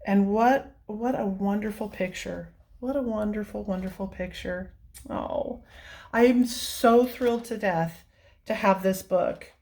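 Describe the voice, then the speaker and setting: A woman hosting a coloring channel, chatting casually and gushing over books with soft exclamations and giggles. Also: mid-range voice, a little slow. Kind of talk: casual vlog, flipping through coloring books.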